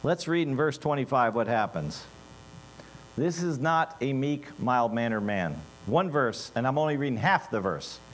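A man preaching a sermon in an animated way, dropping into quiet asides and rising into loud, emphatic bursts. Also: medium pitch, moderate pace, a little hiss or hum.

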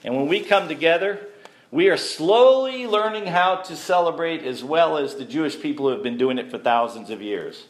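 A man's voice: on the high side, expressive, moderate pace. Guy giving a sermon, chatty, asks the crowd stuff, roomy echo. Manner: conversational, asks the congregation questions. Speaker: messianic teacher. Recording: echoey room.

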